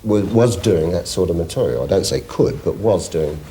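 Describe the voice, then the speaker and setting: A middle-aged man spins chat show stories in a low voice. His pitch swings widely as he talks, and he laughs his way through the anecdotes. A faint hiss sits under the recording. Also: normal speed. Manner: lively storyteller, laughing often. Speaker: guest singer.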